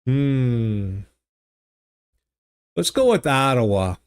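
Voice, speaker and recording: Guy streaming from his home studio, slow easygoing talk, kinda halting, thinking out loud. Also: medium pitch, big pitch swings, clean tone. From United States. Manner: musing aloud, halting and easygoing. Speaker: livestream host. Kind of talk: casual livestream chat while playing a geography game. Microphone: studio desk microphone.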